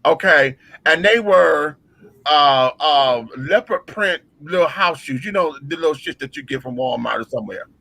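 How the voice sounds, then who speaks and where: A man with a bright, forceful voice tells a backstage story with dramatic flair and a lot of profanity. He speaks with features. His pitch sits a little high for a man. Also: animated, normal speed, creaky, no room sound, low-quality recording. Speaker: drag performer telling a story. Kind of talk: casual storytelling chat.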